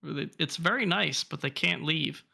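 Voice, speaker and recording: A man's voice: a little high, normal speed, gravelly, pushed and bright. A man in enthusiastic, profane casual chat. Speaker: podcast co-host.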